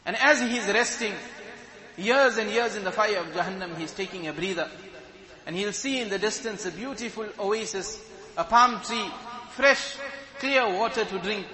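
High-voiced preacher, echoey hall. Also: male voice, normal speed, bright, forceful tone. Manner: vivid, storytelling delivery. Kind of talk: sermon. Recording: echoey hall with crowd behind.

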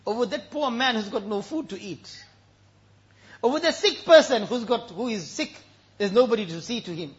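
A humble, burdened old ruler speaks his worries in an earnest, sorrowful way, as a high-voiced preacher puts him on. The sound is dull and lo-fi.

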